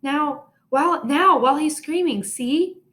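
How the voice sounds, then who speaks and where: A woman's voice: sits high, measured pace, bright, forceful tone, pitched above the performer's own voice. A woman reading aloud, voicing a young schoolboy who explains things matter-of-factly.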